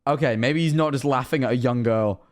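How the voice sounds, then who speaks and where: A young man reacting to videos on stream, animated and joking, swearing often. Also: medium pitch, fairly quick.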